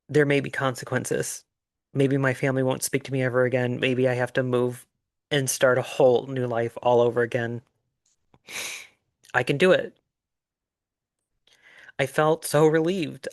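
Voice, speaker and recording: A middle-aged man telling his own story in an earnest, reflective way, with pauses and fillers. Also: mid-range voice, a bit bright, no echo, studio quality. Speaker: life coach sharing his story. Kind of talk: personal storytelling monologue.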